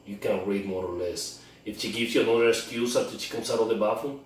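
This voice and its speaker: A man's voice: on the low side, fast. A man coaching on dating, talking emphatically and often repeating and restarting his words. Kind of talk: instructional monologue. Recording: very echoey room, far from mic.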